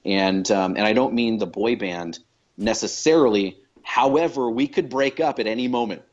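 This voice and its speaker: A man's voice: fairly low pitch, normal speed, darkish tone, dull audio. A man talking as a podcast guest, thoughtful and reflective, with many fillers and restarts. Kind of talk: reflective conversation.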